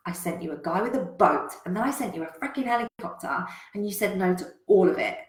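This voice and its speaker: A woman's voice: medium pitch, expressive, fairly quick, natural voice. A woman voicing an exasperated God who scolds bluntly and swears. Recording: roomy echo.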